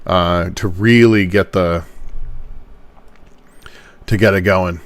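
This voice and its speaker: A man's voice: deep voice, steady tone, slow pace, pauses often, no echo. A young man and podcast host chatting casually on a livestream while editing his own show, self-mocking and rambling, with some swearing.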